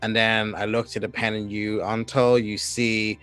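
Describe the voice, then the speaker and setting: A man's voice: on the low side, level tone, fairly bright tone, clean tone, faint music behind. A man playing a tabletop game, loose and full of fillers. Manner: loose, filler-heavy, quick to laugh. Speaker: player. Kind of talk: in-character tabletop chat.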